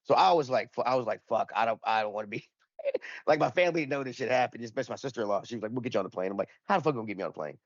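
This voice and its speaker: A man's voice: medium pitch, racing, no room sound, dull audio. A man in casual podcast chat, telling a rambling, profane anecdote and acting out the dialogue in it. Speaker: podcast panelist.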